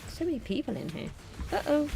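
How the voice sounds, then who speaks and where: A woman's voice: high voice, very animated, fairly quick, vocal fry, loud music behind the voice. A middle-aged woman streamer chatting casually to viewers while she plays a game. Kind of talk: casual live gameplay commentary.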